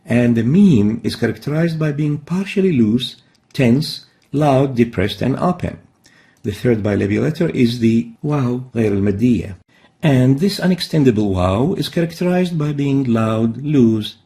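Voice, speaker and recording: A man teaching Quran recitation in a recorded lesson, explaining patiently and demonstrating each sound slowly and carefully. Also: mid-range voice, lively intonation, vocal fry, dark tone.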